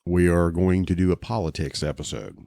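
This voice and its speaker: A man co-hosting a podcast, telling stories in a casual, animated way, laughing and restarting his sentences. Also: deep voice, a little fast, vocal fry. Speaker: podcast co-host.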